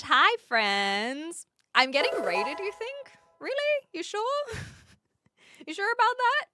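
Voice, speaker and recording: A woman's voice: sits high, bright, forceful tone, dry recording, clean studio sound. A woman from New Zealand with a mixed New Zealand, Australian and British accent, live streaming from an attic in a casual, giggly way as she reads viewers' chat aloud.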